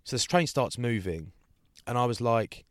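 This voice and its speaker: At a normal speed and in a mid-range voice, a male podcast co-host chats casually through a story, animatedly acting out the people in it. The clean studio recording has no echo.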